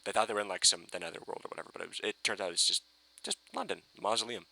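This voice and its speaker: A man ranting giddily in a fan reaction video, swearing and breaking into excited shouts. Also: lowish voice, very fast, vocal fry. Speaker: fan reviewer.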